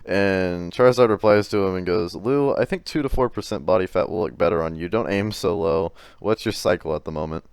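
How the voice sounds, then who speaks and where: A man's voice: low-pitched, brisk, vocal fry, few pauses, smooth, no echo, clean studio sound. A man doing commentary on chat messages, exasperated and profane, often stammering and restarting his sentences. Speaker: commentary YouTuber.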